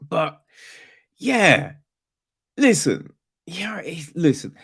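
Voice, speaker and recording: A man's voice: a little high, big pitch swings, very slow, a bit bright, husky. A man hosting a podcast, ranting casually about a film in a profane, rambling way with lots of slang and restarts. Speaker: podcast host. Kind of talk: casual film review rant.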